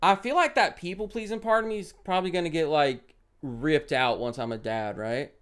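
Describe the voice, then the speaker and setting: A young man reads a parenting game's story aloud on stream, then breaks off to react. His voice is slightly high and smooth, close to the mic, swinging from loud indignant bursts to quiet mumbled asides. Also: fairly quick. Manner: animated, swings from loud outbursts to muttered asides.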